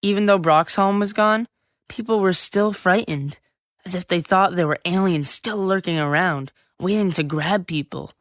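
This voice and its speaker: A woman playing a seventh-grade boy who narrates his own story in a full-cast audiobook, lively and chatty with sudden yells. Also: fairly low pitch, normal speed, dry recording, natural voice. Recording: dry close studio sound.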